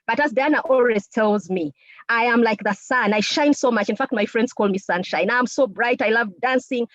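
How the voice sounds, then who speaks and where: Energetic woman giving a motivational talk. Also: on the high side, moderate pace, no room sound. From Uganda. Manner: lively, animated, laughs often, addresses listeners directly. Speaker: chief technical officer and co-founder speaking to a women's group. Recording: dull lo-fi sound.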